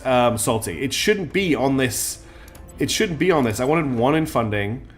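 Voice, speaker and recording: A man's voice: medium pitch, animated, normal speed, faint music behind. A man with a mixed British accent that carries Scottish and Australian traces. He gives live game commentary, thinking aloud with many fillers. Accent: mixed British English with Scottish and Australian traces. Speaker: streamer.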